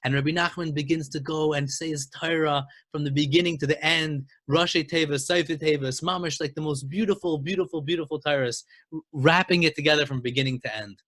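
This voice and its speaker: A man teaching a Torah lesson and telling a story, speaking emphatically and building to excited exclamations. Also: fairly high pitch, a little fast, dry recording, studio quality.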